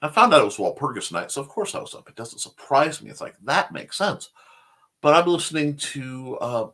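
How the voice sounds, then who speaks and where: Brisk and sharp-toned, a man with a mid-range voice and big swings in pitch hosts a casual creative talk show on livestream. He goes through viewer comments, chatting enthusiastically and wandering from point to point.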